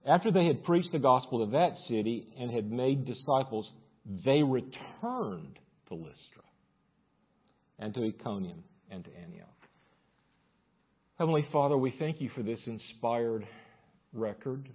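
A man's voice: mid-range voice, lively intonation, measured pace, pauses often, slightly rough, phone-quality sound. A man preaching a sermon and reading scripture aloud, building force as he reads. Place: church service room.

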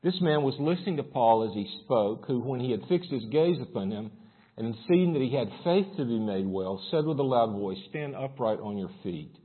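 A man's voice: mid-range voice, animated, normal speed, slightly rough, narrow, tinny audio. A man preaching a sermon and reading scripture aloud, building force as he reads. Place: church service room.

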